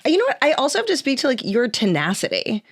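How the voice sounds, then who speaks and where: A woman hosting a podcast in casual chat, rambling and halting as she asks her question. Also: high-pitched, wildly swooping pitch, husky, no room sound, studio quality. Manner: rambling, halting, many fillers and restarts. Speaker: podcast host.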